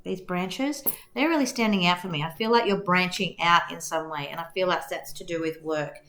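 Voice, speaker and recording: Woman tarot reader, reassuring and meandering, a bit hoarse, recorded in an echoey room. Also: on the low side, fairly quick, slight background noise. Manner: gentle, reassuring, rambling. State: losing her voice. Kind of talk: tarot reading to camera.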